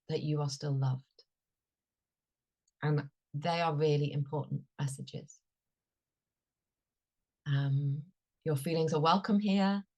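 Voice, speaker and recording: A woman coach leading a workshop, speaking in a gentle, soothing way with frequent pauses. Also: low-pitched.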